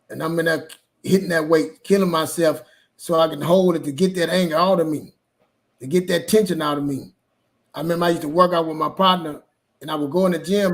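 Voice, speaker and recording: Male co-host, high-pitched, casual and earnest storyteller. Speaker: podcast co-host. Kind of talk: personal storytelling.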